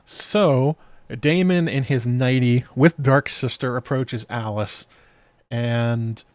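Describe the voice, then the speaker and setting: A man hosting a casual show breakdown, talking it through out loud with fillers and restarts as he reads comments from a live chat. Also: mid-range voice, slow, dry recording, clean studio sound. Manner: chatty, thinking aloud with fillers and restarts. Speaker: show host.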